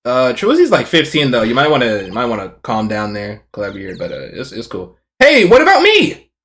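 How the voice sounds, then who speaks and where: A man's voice: on the low side, fairly quick. A man streaming a game, commenting casually with lots of swearing and jokes. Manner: swearing, excitable, jokey.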